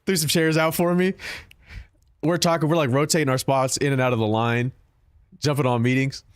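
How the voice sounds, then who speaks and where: A man's voice: medium pitch, fairly even intonation, normal speed, clean tone, dry recording, clean studio sound. A man streaming a game, chatting casually and profanely with his viewers, joking and talking back to chat.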